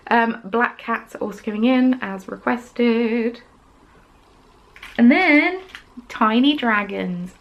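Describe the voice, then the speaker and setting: A woman's voice: mid-range voice, dull audio. A woman hosting a craft podcast, chatting casually as she shows off her handmade pieces, gushing and rambling with frequent ums. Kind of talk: casual show-and-tell chat.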